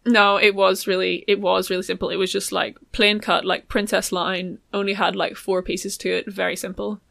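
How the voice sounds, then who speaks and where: A woman's voice: medium pitch, flat delivery, moderate pace, vocal fry, fairly bright tone, dry recording, studio quality. A young woman chatting casually about making her own clothes, rambling with many ums and likes. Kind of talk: casual chat.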